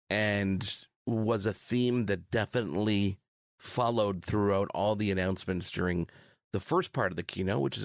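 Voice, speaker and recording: A man from Canada, a tech journalist guest, explaining in a measured way during casual chat. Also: on the low side, creaky, no echo, clean studio sound.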